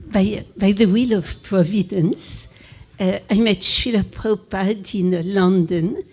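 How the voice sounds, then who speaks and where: Older French-accented woman, unhurried and husky, reminiscing haltingly. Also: mid-range voice, a little mellow. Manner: halting, with frequent pauses and fillers. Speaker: guest speaker. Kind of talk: recounting memories to an audience.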